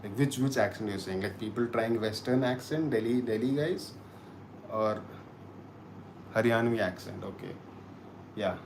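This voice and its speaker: Male streamer from Kashmir, rambling chatty delivery, slightly low pitch, faint background noise. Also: a little slow, vocal fry, long pauses, darkish tone. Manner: chatty, repeats words and restarts, thanks viewers. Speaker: livestream host. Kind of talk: casual live-stream chat reading comments.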